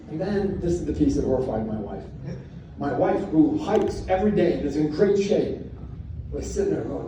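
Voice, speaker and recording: A man's voice: fairly high pitch, brisk. Blunt man telling stories in an echoey hall. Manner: blunt, animated, acts out his own shouting. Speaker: comics creator speaking on a convention panel. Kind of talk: anecdotal storytelling to a live audience. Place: large convention hall panel. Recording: echoey hall, distant from mic, faint noise.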